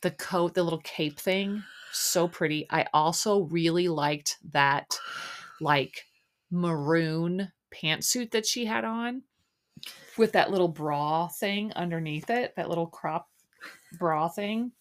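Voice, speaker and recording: Low-pitched lady rambling through a casual recap chat. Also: slow. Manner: chatty, rambling, lots of fillers. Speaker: podcast host.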